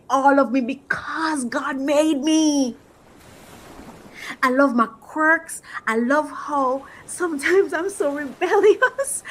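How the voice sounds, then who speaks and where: A woman's voice: high voice, a bit bright, rough recording. A woman coach giving an emotional, motivational faith talk, repeating phrases for emphasis. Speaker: faith-based life coach.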